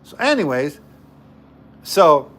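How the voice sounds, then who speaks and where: A man's voice: on the high side, big pitch swings, slow, a bit bright. A man hosting a livestream, telling a story to his chat in a casual, joking way and repeating himself often. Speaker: livestream host.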